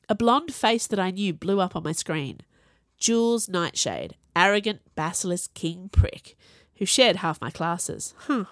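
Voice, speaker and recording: Woman, audiobook narrator, wry, conversational, lively pitch, dry close recording. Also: measured pace, no room sound. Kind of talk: first-person fantasy narration.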